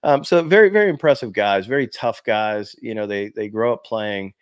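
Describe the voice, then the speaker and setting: Low-voiced man telling stories, dry sound. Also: normal speed, clean tone, dry recording. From United States. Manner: animated anecdotes, fillers like "you know". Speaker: former Marine sniper telling war stories. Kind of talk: casual storytelling to camera. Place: small room before a green screen.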